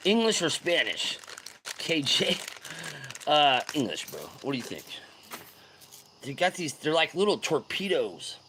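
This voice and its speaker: A man hosting a fishing livestream, chatting casually and loudly greeting viewers with slang. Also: a little high, big pitch swings, a little slow, pauses often, a little hiss or hum. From California.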